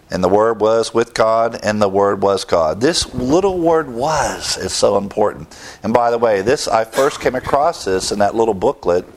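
A man teaching a Bible lesson, speaking slowly and deliberately with frequent restarts and fillers. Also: low voice.

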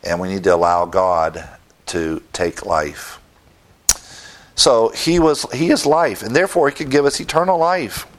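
Emphatic preacher man, low voice. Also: a little slow. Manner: emphatic, rises in pitch when stressing points. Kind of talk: sermon.

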